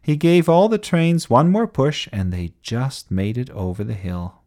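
A man reading a children's bedtime story aloud in an expressive storybook style. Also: medium pitch, a little slow.

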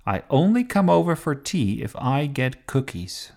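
A man's voice: mid-range voice, big pitch swings, a little slow, gravelly, darkish tone, voice pushed up. A man voicing a cheeky, childish archbishop wizard in a storybook, talking defiantly. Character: cheeky boy-like archbishop wizard, greedy for cookies.

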